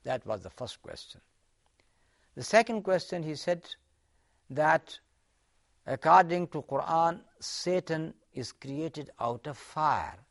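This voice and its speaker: A man's voice: on the high side, expressive, takes it slowly, vocal fry, pauses often. A man giving an Islamic lecture in an earnest, explaining way, telling a story with hesitant fillers and restarts.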